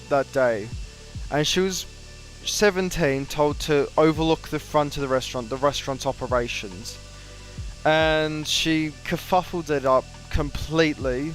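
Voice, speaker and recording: A young Australian man casually telling a story about work, animatedly acting out what others said. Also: a little high. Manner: animated, quotes people in raised voices. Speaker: flight sim streamer.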